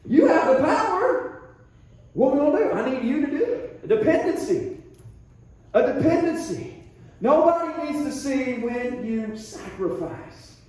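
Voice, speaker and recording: A man's voice: extremely high pitch, big pitch swings, darkish tone, far from the mic. A man preaching a sermon as pastor, telling homespun stories and drawing out his main points with heavy emphasis. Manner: folksy storytelling preacher, drawn-out emphatic points. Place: church sanctuary. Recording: very echoey church, voice from off mic.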